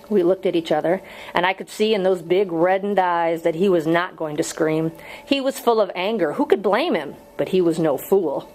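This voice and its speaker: A woman narrating a novel chapter aloud in a steady, measured reading voice. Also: fairly low pitch, poor audio. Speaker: audiobook reader. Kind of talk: audiobook narration.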